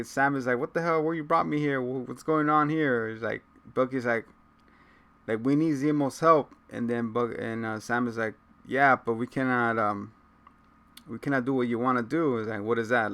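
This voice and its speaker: Man, co-host, smooth resonant voice, casual recap chat, acts out quotes, laughs a lot. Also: medium pitch, pushed and bright. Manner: retells scenes by acting out quotes, laughs often. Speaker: podcast co-host.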